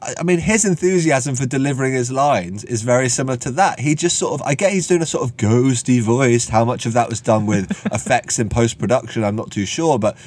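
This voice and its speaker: A man co-hosting a podcast, a bit tired, chatting casually about a film with quick asides. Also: medium pitch, darkish tone. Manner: laid-back, quick asides, laughs often. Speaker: podcast co-host. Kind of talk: casual film review chat.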